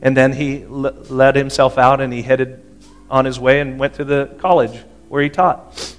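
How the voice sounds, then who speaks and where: A man's voice: medium pitch, fairly even intonation, moderate pace, faint music behind. A man preaching a sermon in a conversational way, often checking in with the congregation. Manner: conversational, asks the audience for agreement. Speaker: pastor.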